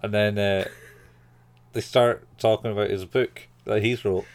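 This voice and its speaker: A man co-hosting a casual podcast chat who laughs a lot and acts out quoted lines in a high, squeaky voice. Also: fairly even intonation, a little slow. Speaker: podcast co-host. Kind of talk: casual chat reviewing an anime.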